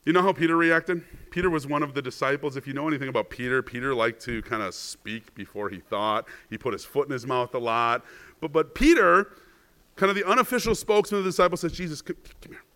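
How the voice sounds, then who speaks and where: Bright-voiced man preaching conversationally. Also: medium pitch, fast talker, clear, resonant tone. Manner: chatty, asks the congregation "right?"; restarts words when stressing a point. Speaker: pastor. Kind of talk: conversational sermon.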